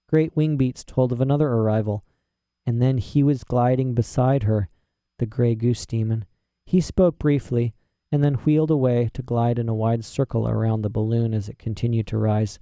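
A man narrating a storybook in a steady, expressive reading. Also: medium pitch, normal speed, no room sound, clean studio sound. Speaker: audiobook narrator.

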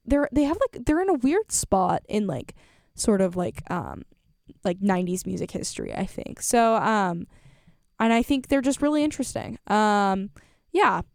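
A woman's voice: medium pitch, dry recording, studio quality. A young woman, a college radio DJ chatting casually on air, rambling with lots of fillers and self-corrections. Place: radio studio.

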